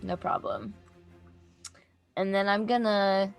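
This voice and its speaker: A woman playing a tabletop game who thinks aloud in halting bits and swears casually. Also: lowish voice, a bit bright, faint music behind. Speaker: player.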